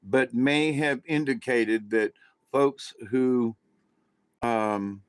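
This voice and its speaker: A man's voice: medium pitch, extremely slow, smooth, no room sound. Rambling man in a dry close recording. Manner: rambling, many restarts. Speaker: vlogger, self-described channeler. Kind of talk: casual monologue.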